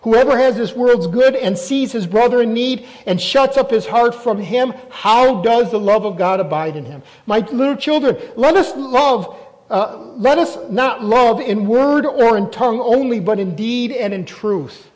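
A man's voice: extremely high pitch, measured pace, long reverb tail, rough recording. A man preaching a sermon as a pastor, emphatic and throwing questions at the congregation.

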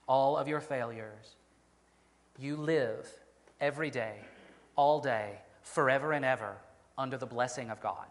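A man preaching a sermon as pastor, earnest, slowing down to stress key phrases. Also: mid-range voice, fairly bright tone, big-room sound.

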